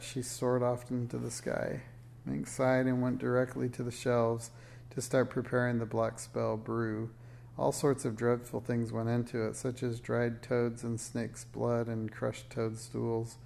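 Gravelly man reading a storybook. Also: mid-range voice, darkish tone. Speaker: narrator.

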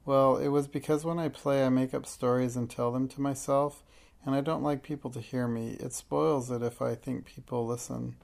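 Brief: earnest storybook schoolgirl, confiding and calm, read by a man with a gravelly voice. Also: medium pitch, moderate pace, lightly acted. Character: thoughtful, imaginative young schoolgirl.

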